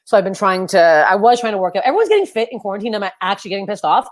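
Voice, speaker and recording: A woman in her thirties performs stand-up into a webcam at home. She rambles and runs herself down, now and then jumping into loud, squeaky outbursts. Her nose is stuffed and sniffly. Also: lively intonation, very fast. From Canada. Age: 30s. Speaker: stand-up comedian. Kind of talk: stand-up comedy on a video call. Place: her parents' house, indoors. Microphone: webcam on a video call.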